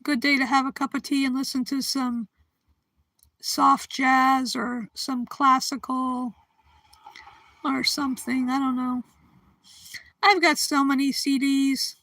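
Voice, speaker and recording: Woman streamer, high and sharp-toned, giggly and a little sleepy, casual chat to viewers. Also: level tone, slow pace, pauses often, no echo. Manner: chatty and giggly, greeting viewers by name; drowsy, yawning. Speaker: livestream host.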